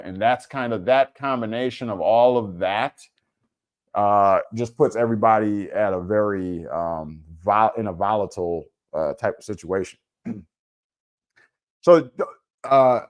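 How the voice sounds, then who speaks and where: A man hosting a casual livestream, chatting laid-back and informally with viewers, answering their comments and using plenty of fillers. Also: lowish voice. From Wisconsin. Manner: informal speech with frequent fillers. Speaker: livestream host.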